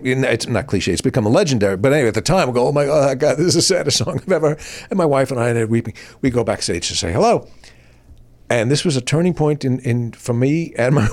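A man in his sixties trading showbiz stories in a relaxed conversation. His voice sits mid-range, and he breaks into high, excited quoted voices as he acts out the people in his tales. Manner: animated anecdotes with bursts of high-pitched quoted voices. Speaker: guest. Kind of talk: casual chat, storytelling.

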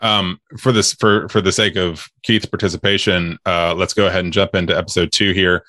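A man hosting a podcast in casual chat, relaxed and steering the discussion with frequent hesitations. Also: deep voice, fairly quick, no room sound. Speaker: podcast host.

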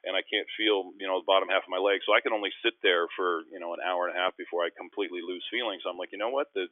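A middle-aged man from Canada tells chatty, self-deprecating stories at a fast clip. His voice sits a little low, and it comes through a thin, phone-like line with a dry sound. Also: flat delivery, no echo. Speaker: guest, former basketball player. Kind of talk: casual storytelling.

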